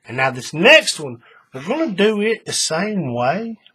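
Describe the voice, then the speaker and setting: A man's voice: high voice, big pitch swings, unhurried, bright, forceful tone, breathy edge. A man hosting a hands-on craft tutorial, chatting in a folksy way to his viewers while he works. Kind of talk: casual hands-on craft demonstration.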